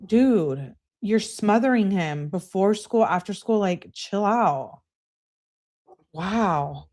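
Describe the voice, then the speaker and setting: A woman's voice: animated, takes it slowly, darkish tone. A woman live-streaming, reading text messages aloud with heated emphasis and dropping to dry asides to comment and answer her chat. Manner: reads texts in a raised, heated voice and comments in a lower, dry aside; talks back to chat viewers. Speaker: true crime live streamer.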